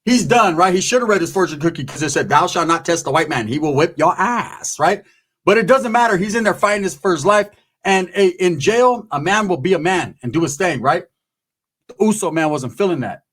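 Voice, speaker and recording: A man with a slightly raised pitch spins a long, rambling story in loose street talk, heavy with swearing. He keeps turning to the listener and slips into the voices of the people he is describing. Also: lively intonation, a little fast, fairly bright tone, slightly rough. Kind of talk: casual profane storytelling.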